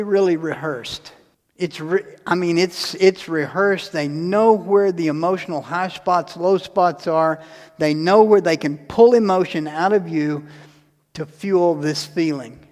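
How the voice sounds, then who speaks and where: Guy giving a church talk, high voice, folksy, acts out scenes, big hall echo. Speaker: lay speaker at parish mission. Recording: long hall reverb.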